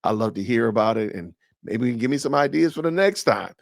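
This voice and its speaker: A man's voice: mid-range voice, animated, fast talker, creaky, no room sound, clean studio sound. A man hosting a podcast, reacting to a clip with incredulous, sarcastic rhetorical questions. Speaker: podcast host. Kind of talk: reaction commentary.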